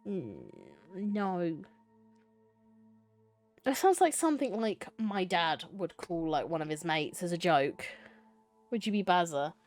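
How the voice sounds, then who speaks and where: A woman's voice: fairly low pitch, animated, slow pace, pauses often, a little mellow, soft background music. A young adult woman live-streaming a choice game, reading it aloud and chatting playfully with viewers, laughing and swearing casually.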